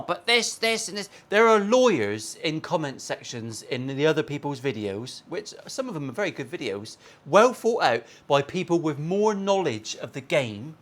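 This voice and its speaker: A man, a guitar maker and channel host, ranting bluntly and profanely in a casual opinion vlog from his workshop. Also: on the high side.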